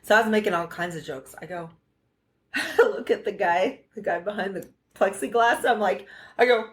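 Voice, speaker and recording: A woman from the United States telling a story on a podcast, animated and profane, acting out the dialogue as she goes. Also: medium pitch, normal speed. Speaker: podcast co-host. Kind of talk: casual storytelling chat.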